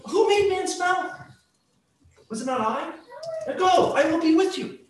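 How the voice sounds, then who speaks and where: Guy doing god insisting calmly, lively lilt, echoey far mic. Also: extremely high pitch, unhurried, voice pushed up. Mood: insistent. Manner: firm, reassuring commands. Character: God, patient insistent commanding voice. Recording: echoey room, distant mic, faint noise.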